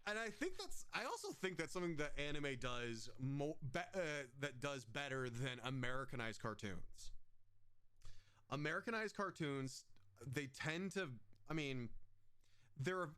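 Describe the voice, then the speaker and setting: A man's voice: medium pitch, a bit bright, clean tone. A man hosting a casual chat, rambling and laughing often as he talks. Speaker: podcast host.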